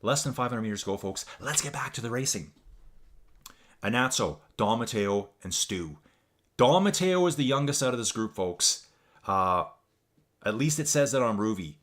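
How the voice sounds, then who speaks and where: A man's voice: mid-range voice, lively intonation, normal speed, fairly bright tone. A man in his forties from Canada, chatty and upbeat, giving casual commentary on a virtual cycling race and often addressing the audience as folks.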